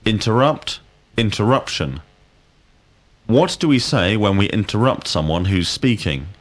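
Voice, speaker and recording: A man leads a scripted drill. His questions come slowly and deliberately, with a lively rise and fall of pitch. His voice sits a little low. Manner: slow, deliberate, clearly enunciated questions. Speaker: language teacher.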